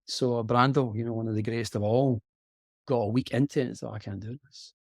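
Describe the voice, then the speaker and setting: Gravelly Scottish man, earnest and halting. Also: mid-range voice, steady tone, darkish tone, no room sound, studio quality. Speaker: guest actor. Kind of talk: reflective conversation. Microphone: video call.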